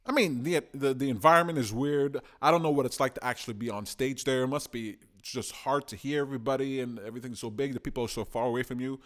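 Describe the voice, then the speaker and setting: A man, giving excitable, rambling political commentary for a video blog and often tacking on "man". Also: medium pitch, quick pace, hardly any pauses. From Canada.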